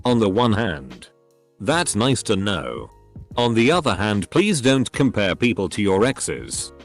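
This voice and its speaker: Low synthetic male narrator voice. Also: sing-song, unhurried, faint music behind. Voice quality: synthetic computer voice. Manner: reads short clipped sentences one after another. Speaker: narrator reading posts aloud. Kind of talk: text-to-speech reading of online posts.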